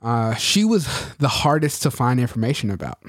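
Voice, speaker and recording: Jokey man co-host, casual chat, bouncy pitch, dry close mic. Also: very animated, normal speed, no echo. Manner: jokey, acts out quotes in a raised voice. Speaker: podcast co-host.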